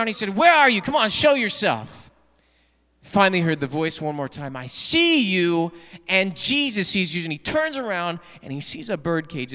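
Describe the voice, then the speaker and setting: A man preaching at a Wednesday night service, animated and asking the congregation rhetorical questions. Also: on the high side, long reverb tail. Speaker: pastor. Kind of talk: sermon.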